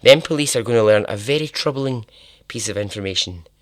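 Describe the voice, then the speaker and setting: Low-voiced man telling a crime story. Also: lively intonation, a little fast, no room sound, clean studio sound. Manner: casual and chatty, laughs and swears at the story. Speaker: podcast host.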